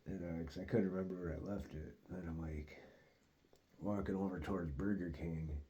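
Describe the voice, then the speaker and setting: A man's voice: deep voice, moderate pace, highs cut off. A man telling a long story in a loose, rambling way, full of swearing and filler words like "dude" and "like.". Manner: profane, loose, peppered with "dude" and "like"; rambling and animated in retelling. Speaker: host.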